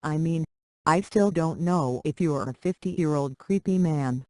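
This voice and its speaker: A text-to-speech voice reading the lines of a guarded, grieving teenage girl in a dialogue story, in a flat, even delivery. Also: mid-range voice, unhurried, no room sound, natural voice. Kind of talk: dialogue story read aloud.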